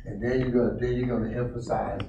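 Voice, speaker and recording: A man, a pastor, teaching his congregation how to study scripture, animated and encouraging as he calls on people. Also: medium pitch, fast talker, creaky. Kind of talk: interactive Bible teaching. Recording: roomy church room, mic at a distance, faint noise.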